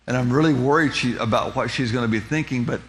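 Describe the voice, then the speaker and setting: A man's voice: mid-range voice, fast, a little hiss or hum. A man telling a personal testimony as a story, with many restarts and repeated words, lingering on vivid details. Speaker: speaker giving a personal testimony.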